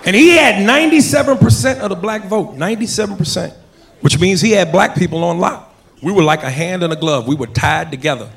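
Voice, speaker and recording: A man doing stand-up comedy with punchy delivery and shouted punchlines. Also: sits high, fairly quick, creaky. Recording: live audience and background noise.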